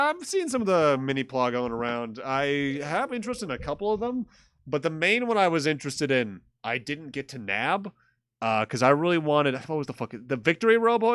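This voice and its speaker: A man's voice: on the high side, a bit bright, clean tone, no room sound, clean studio sound. A man streaming a game, chatting casually and reading its dialogue aloud, with loose, swearing asides.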